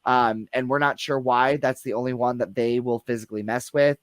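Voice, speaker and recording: A man in casual conversation, telling a guest's stories of strange events. He rambles, starts over and fills pauses with ums. The sound is dry and close. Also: medium pitch, fairly even intonation, dry recording. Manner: rambling, many restarts and fillers. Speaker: guest theater employee. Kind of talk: casual paranormal discussion.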